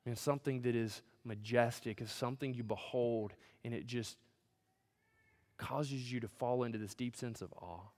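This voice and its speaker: A male pastor preaching a sermon in a church, swinging from loud, emphatic build-ups to hushed, near-whispered lines. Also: medium pitch, normal speed. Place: church sanctuary. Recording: long hall reverb.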